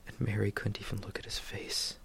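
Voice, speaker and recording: A man's voice: lowish voice, completely flat delivery, brisk, vocal fry, a bit bright. A man preaching a sermon, retelling a story dramatically, dropping to near whispers and then rising sharply.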